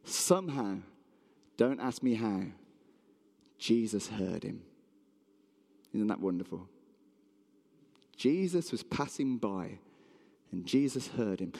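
Animated man preaching in a reverberant hall. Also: fairly low pitch, takes it slowly, vocal fry, long pauses. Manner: animated, acts out voices of townspeople. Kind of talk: storytelling sermon.

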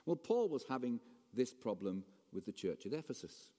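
A man preaching a sermon as pastor, animated, swinging between raised emphasis and quiet asides. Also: mid-range voice, normal speed. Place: church hall. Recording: long reverb of a church hall.

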